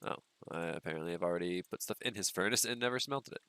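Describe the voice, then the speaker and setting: A man's voice: deep voice, fast, clear, resonant tone. A young man with a stuffy nose, rambling casually with lots of ums while he streams a game. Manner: relaxed, rambling, frequent ums and uhs. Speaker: gaming streamer. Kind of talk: casual livestream commentary while playing.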